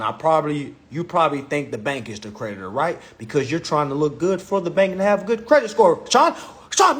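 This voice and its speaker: A man hosting a livestream on his phone, lecturing in a profane, mocking way and repeating himself. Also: a little high. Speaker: livestream host. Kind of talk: casual livestream rant.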